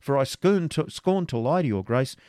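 A man's voice: medium pitch, lively intonation, normal speed, a little mellow, dry recording, clean studio sound, pitched above the performer's own voice, close to an everyday voice. A man reading aloud, voicing a proud, gallant outlaw leader with courteous speech. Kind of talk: audiobook reading.

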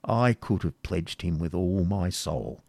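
A man's voice: sits low, unhurried, creaky, a little mellow, no room sound, studio quality, heavily acted. A man voicing a placid, food-minded noble with a plaintive, mildly complaining manner in an audiobook reading.

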